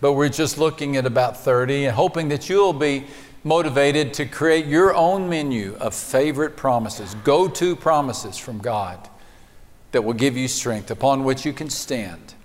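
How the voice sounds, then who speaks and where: A man's voice: mid-range voice, a little slow, long reverb tail. A man, a pastor preaching a sermon and telling folksy stories with hesitant fillers.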